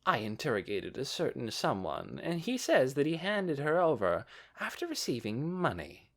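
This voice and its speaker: A man voicing a sly, scheming male store owner who speaks smoothly and with false politeness in an audiobook. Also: mid-range voice, wildly swooping pitch, moderate pace, fairly bright tone, voice pushed up, full character voice.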